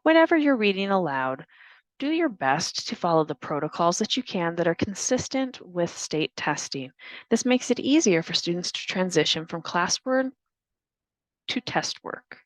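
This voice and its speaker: A woman explains testing rules to school staff in a clear, deliberate, instructional way. Her voice sits a little low. The recording is dry and close, with no room sound. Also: big pitch swings, dry recording. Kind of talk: scripted training narration.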